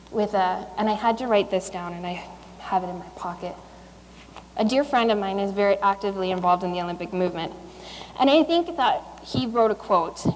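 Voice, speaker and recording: A medium-pitched woman in her thirties, an Olympic speed skater, gives a conversational motivational speech, fillers and restarts included, to a school assembly. She is a guest speaker in a large hall, captured in a low-quality recording with a little hiss or hum.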